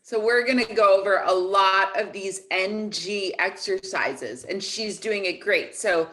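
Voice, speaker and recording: A woman's voice: mid-range voice, measured pace, over music. A woman hosting an online singing lesson, explaining technique and demonstrating sounds with her voice. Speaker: voice teacher hosting a workshop.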